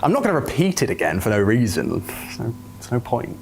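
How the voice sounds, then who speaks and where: A man's voice: medium pitch, big pitch swings, fairly quick, creaky, a little mellow, slight background noise. A man hosting a comedy sketch in a hesitant, flustered way. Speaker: host.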